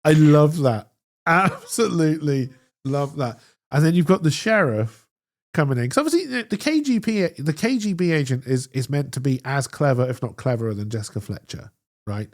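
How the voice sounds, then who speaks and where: This man's voice runs on the high side at a normal speed as he co-hosts a podcast. He's casually and excitedly recounting a TV episode, animated throughout.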